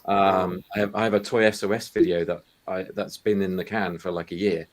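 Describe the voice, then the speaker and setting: Low-voiced man, hesitant. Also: level tone, brisk, a little hiss or hum. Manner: hesitant, full of ums. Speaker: toy collecting YouTuber. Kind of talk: casual video call chat.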